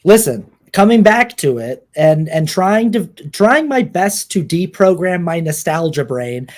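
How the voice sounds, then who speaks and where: A man's voice: fairly high pitch, sing-song, measured pace. A young man co-hosting a podcast, talking casually about a film with many restarts. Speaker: podcast co-host.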